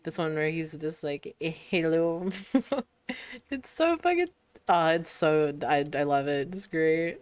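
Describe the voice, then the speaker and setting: Casual woman streamer, low and clear voice, easygoing banter over gameplay. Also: animated, unhurried, no echo. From United States. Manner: chatty, laughs often, playful swearing.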